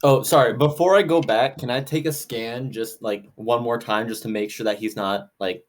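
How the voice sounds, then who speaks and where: A man playing a tabletop game, talking in an excitable, rambling way with lots of fillers. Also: mid-range voice, moderate pace. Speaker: player. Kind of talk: casual chat while playing a tabletop game.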